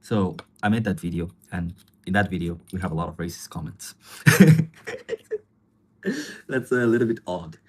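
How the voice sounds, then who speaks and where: A man hosting a casual livestream, answering viewer comments in rambling, relaxed with many fillers and frequent chuckles. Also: low voice, moderate pace, pauses often. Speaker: livestream host.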